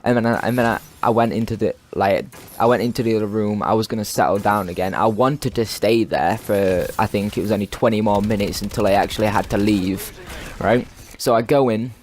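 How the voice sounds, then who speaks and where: A man's voice: fairly low pitch, fairly quick, slight background noise. Rambling, swearing teenage boy. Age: teens. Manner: rambling, swears constantly, lots of restarts. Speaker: gaming video commentator. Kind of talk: casual rambling storytelling over gameplay.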